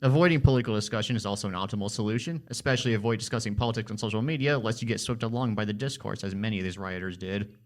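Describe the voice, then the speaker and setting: A man's voice: lowish voice, rapid-fire. Sarcastic teenage boy reading commentary. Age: teens. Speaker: student co-presenter. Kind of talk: scripted commentary for a school project podcast.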